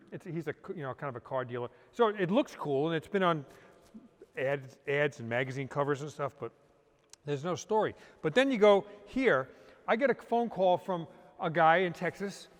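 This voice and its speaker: A man with a somewhat high voice tells stories in a loose, rambling way, often restarting his sentences. His voice trails off into a long reverb, as if recorded in a large hall. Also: expressive, normal speed. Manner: rambling, with frequent restarts and "you know". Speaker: interview guest, car hunter. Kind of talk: casual storytelling.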